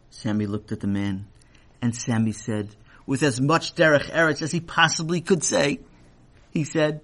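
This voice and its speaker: A man narrating a children's story in an expressive, animated way. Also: mid-range voice, moderate pace.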